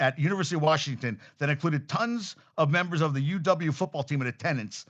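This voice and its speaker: Sports podcast guy ranting and cussing, bright sharp voice, kinda dull lo-fi sound. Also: a little high. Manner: profane, angry ranting, shifts between shouting and muttering. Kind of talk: solo sports podcast rant.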